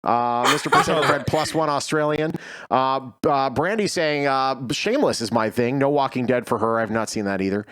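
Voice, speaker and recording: A man's voice: medium pitch, moderate pace, clean tone, dry recording, studio quality. A man hosting a casual live panel show, reading viewer comments and joking around, laughing often. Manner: animated, laughs often, jokey. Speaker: show host.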